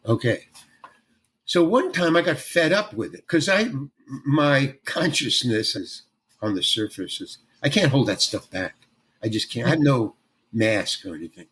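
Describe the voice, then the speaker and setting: A man's voice: mid-range voice, measured pace, a little hiss or hum. An older man, a veteran character actor, telling stories in an interview and acting out other people's lines as he goes. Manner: animated storyteller who acts out other people's lines. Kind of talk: storytelling interview.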